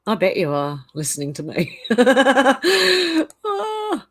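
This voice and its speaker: A woman's voice: on the high side, huge pitch swings, slow, a bit bright, husky. An Australian woman hosting a casual livestream, reading viewer comments aloud and rambling through her reactions. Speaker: channel host.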